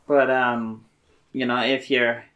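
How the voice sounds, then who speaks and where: A woman's voice: very deep voice, little pitch movement, takes it slowly, a bit bright, pitched below the performer's own voice, heavily acted. A woman voicing a friendly, protective man in a put-on Boston accent, rambling with lots of fillers. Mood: earnest. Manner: hesitant, rambling with many fillers.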